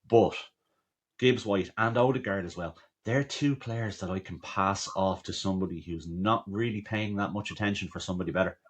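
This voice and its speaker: A man's voice: sits low, moderate pace. A man co-hosting a fantasy football podcast in casual chat, often restarting and stacking up his words.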